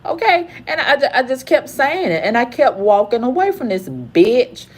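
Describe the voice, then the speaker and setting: A woman in her fifties telling a story in an angry, profane rant, repeating herself and swinging from low growls to high cries. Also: sing-song, normal speed, breathy edge. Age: 50s. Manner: angry, profane, repetitive ranting. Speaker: vlogger. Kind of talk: heated storytime monologue.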